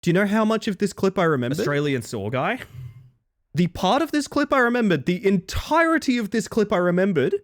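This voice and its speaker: A young male streamer talks casually with his chat, his voice bouncing around with lots of pitch movement and sitting a little above the usual male pitch. He swears freely and keeps things loose and chatty. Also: brisk. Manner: animated, profane, chatty with viewers. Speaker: livestreamer.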